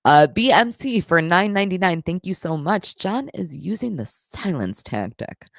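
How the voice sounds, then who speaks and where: Low-voiced profane woman streamer, dry sound. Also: dry recording. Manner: blunt, profane, reads viewer messages aloud. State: emotional. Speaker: live stream host reading super chats. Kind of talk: casual live stream chat.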